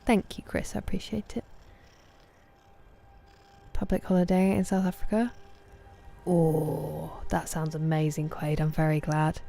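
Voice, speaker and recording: A woman chatting casually with live viewers while gaming, greeting them by name and dropping soft asides. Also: low voice, flat delivery, a little slow, gravelly, pauses often. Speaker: streamer.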